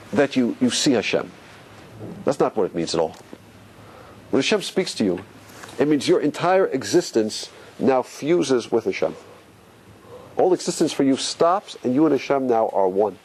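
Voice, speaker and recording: Rabbi guy teaching a class, husky voice, asks the room lots of questions, says things twice. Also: medium pitch, darkish tone. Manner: questions the audience and repeats points for stress. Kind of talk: lively Torah class lecture.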